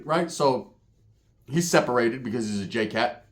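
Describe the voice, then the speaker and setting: A young man telling a comic story about his family, profane, animated and full of slang. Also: mid-range voice, moderate pace. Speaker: comedian storyteller.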